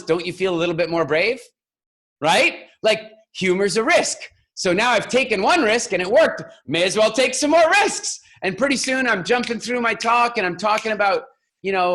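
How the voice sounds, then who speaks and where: A man giving a keynote talk as a public speaking coach, telling a funny story in an animated way and acting out the voices of people in it. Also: fairly high pitch. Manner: animated, acts out voices and laughs through his story.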